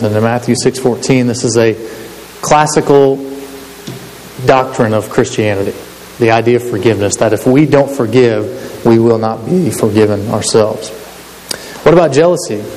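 A man's voice: medium pitch, a little mellow. A man preaching a sermon in a conversational way, often asking his listeners to agree. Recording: long hall reverb with faint hiss.

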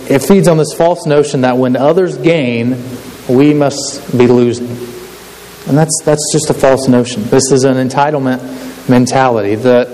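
A man with a medium-pitched, dark voice preaches in a conversational style, often seeking agreement from those listening. The recording has long hall reverb and faint hiss.

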